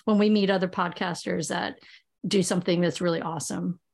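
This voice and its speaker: A woman and podcast co-host in a casual discussion, talking with quick restarts. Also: fairly low pitch, fairly even intonation, gravelly, darkish tone.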